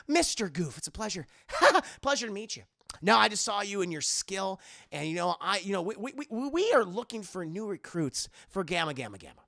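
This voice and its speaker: A man's voice: high-pitched, sing-song, fairly quick, vocal fry, bright, forceful tone, dry recording, studio quality, exaggerated voice. A man voicing a smug, rich male college frat bully who talks down to others in an oily, sneering way. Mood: fake friendly.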